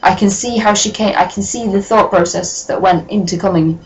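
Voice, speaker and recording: A woman doing a comedic dramatic reading of a story, breaking off with sarcastic, sweary, deadpan asides. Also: mid-range voice, moderate pace, poor audio. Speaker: reader and commentator.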